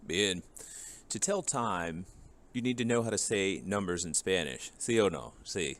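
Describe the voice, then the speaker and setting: Slow, low-voiced male Spanish teacher. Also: animated, fairly bright tone. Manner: slow, patient explaining, drilling words. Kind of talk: classroom video lesson.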